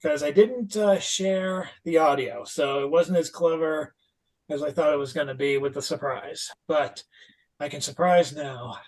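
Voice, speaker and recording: A man with a slightly high voice co-hosts a relaxed podcast, teasing the others in a wry way. He keeps a loose, chatty tone. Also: unhurried, low-quality recording. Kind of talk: casual chat.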